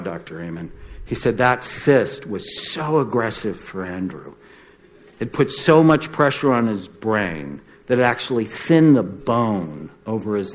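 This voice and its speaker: A middle-aged man, a doctor, giving a storytelling talk and acting out the voices of the people in it. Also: lowish voice. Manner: animated, acts out the voices in his stories. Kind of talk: storytelling lecture.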